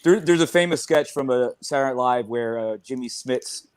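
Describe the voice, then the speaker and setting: A man's voice: mid-range voice, normal speed, smooth. A man chatting on a fan podcast, talkative, laughing often and swearing now and then. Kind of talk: casual chat.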